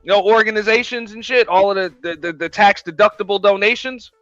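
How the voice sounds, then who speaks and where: Blunt profane man ranting, bright tone. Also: sits high, brisk, no room sound, faint music behind. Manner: profane, blunt, loud and emphatic. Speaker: host. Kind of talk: casual political rant. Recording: dull lo-fi, dry sound.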